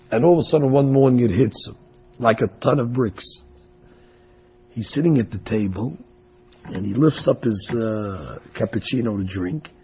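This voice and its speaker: A man preaching through an animated, dramatic parable in a raspy voice. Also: medium pitch, muffled recording, a little hiss or hum. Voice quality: raspy, gravelly. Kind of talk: storytelling sermon.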